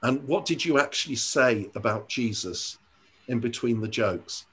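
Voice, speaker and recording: An older man, a church leader, talking in an interview, earnest and reflective, often pausing and restarting his sentences. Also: mid-range voice, expressive, a bit bright, slightly rough. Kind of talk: conversational interview storytelling.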